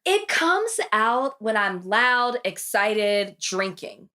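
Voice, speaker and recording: A woman's voice: on the high side, very animated, extremely slow, pushed and bright. Chatty Southern woman podcast host. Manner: chatty, laughing, restarts sentences. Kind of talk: casual chat.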